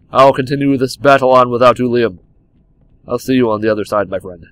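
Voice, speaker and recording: A man's voice: mid-range voice, a little fast. A young man commenting on a game he is playing at home, joking and switching between mock drama and sudden yelps, sometimes leaning back from his desk microphone. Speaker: gameplay commentator. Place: home room by a game console. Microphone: desk microphone, leaning back from it now and then.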